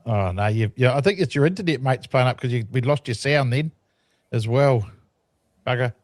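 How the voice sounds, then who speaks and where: A man hosting a casual online chat, relaxed and joking. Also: medium pitch, moderate pace, no echo, studio quality. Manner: relaxed, friendly banter, laughs often. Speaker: show host.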